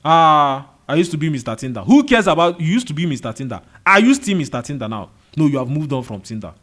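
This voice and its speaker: Nigerian man, motivational monologue, animated up-and-down pitch, repeats his points. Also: fast talker. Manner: preachy, rhetorical questions, repeats key phrases. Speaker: motivational video host. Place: indoor room with a fan running.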